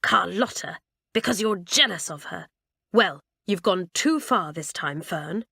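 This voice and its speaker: A woman's voice: lowish voice, expressive, measured pace, creaky, bright, forceful tone, breathy edge, no echo, clean studio sound, exaggerated voice. A woman voicing a curt, furious teenage boy. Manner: curt, hissing when angry. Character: angry protective teenage boy, brisk. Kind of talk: audiobook character reading.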